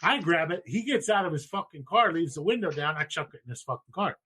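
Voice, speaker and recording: A podcast host in his thirties tells a story in a loose, profane, rambling way. His voice is a little high and animated, he talks quickly, and there's background noise.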